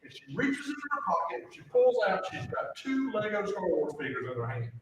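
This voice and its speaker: A man with a drawl tells a story on a convention panel. His voice sits fairly high and carries a lot of bounce. He sounds like he is some distance from the mic, in a very echoey room with faint background noise. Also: a little fast. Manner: lively, rambling storyteller with many fillers.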